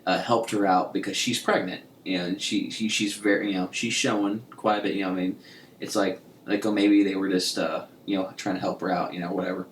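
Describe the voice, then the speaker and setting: Speaking low and brisk with little change in pitch, this podcast co-host rambles casually through stories, often restarting and laughing. The echoey room carries a faint hiss.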